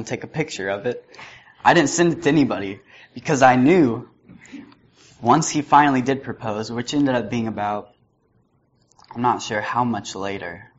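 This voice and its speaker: A young man giving a sermon, telling a personal story with chuckles before turning to the lesson. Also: lowish voice. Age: young adult. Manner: storytelling, chuckling at his own anecdotes. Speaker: student preacher. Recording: slightly muffled with faint noise.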